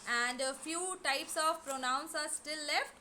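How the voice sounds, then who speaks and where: A woman teaching a grammar lesson, explaining slowly and repeating key words. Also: high-pitched, sharp tone, slight background noise. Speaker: English teacher. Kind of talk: online class lesson.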